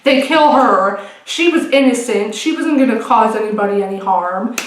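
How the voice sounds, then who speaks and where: A young woman recaps a TV finale in a casual, rambling way, swearing and restarting as she goes. Her voice sits somewhat high, and the room around her is echoey. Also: normal speed, slight background noise. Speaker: vlogger. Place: room at home.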